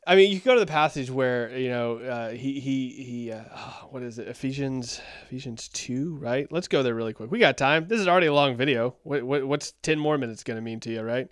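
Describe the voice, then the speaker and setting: A man's voice: mid-range voice, a little fast, hardly any pauses, clear, resonant tone, no room sound, studio quality. A man giving casual, critical commentary on a sermon, thinking aloud and reading passages. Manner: critical, wry, thinks aloud, reads scripture aloud. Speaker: sermon reviewer.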